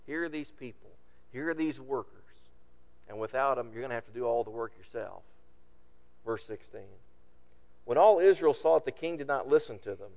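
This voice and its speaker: A man's voice: medium pitch, darkish tone, big-room sound. A man preaching a sermon, reading scripture aloud and retelling it in plain everyday words.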